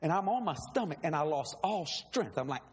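Man, preacher, high voice, dramatic emphatic testimony, long reverb from a hall. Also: sing-song, fairly quick. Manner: dramatic, emphatic, laughing storyteller. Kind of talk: sermon testimony storytelling. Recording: long hall reverb, faint background hiss.

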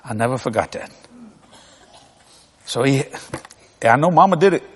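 A man's voice: mid-range voice, animated, normal speed, slightly rough. A man from New Orleans telling a folksy family story in a sermon, laughing often.

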